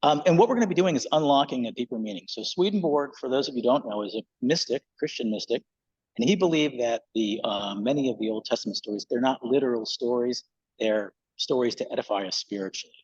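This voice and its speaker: A man's voice: medium pitch, fast talker, darkish tone, breathy edge, highs cut off. A male pastor giving a casual, conversational sermon in a church, with loose fillers.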